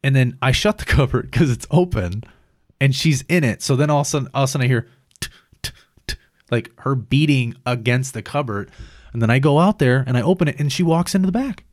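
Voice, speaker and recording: A man's voice: mid-range voice, a little fast. A man in casual chat, telling funny stories with lots of laughter and profanity, acting out what people said. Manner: animated storyteller, laughs often, acts out quotes.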